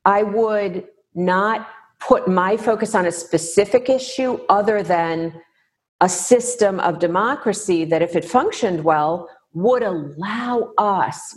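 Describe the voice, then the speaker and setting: A middle-aged woman from the United States, answering interview questions in a thoughtful, measured way with pauses. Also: mid-range voice. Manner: thoughtful, measured, pausing to find words. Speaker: podcast guest.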